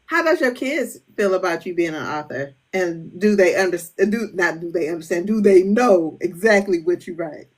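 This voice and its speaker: Woman host with a lively voice. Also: fairly low pitch, normal speed, hardly any pauses. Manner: asks questions, brief reactions. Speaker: podcast host. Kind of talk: casual interview.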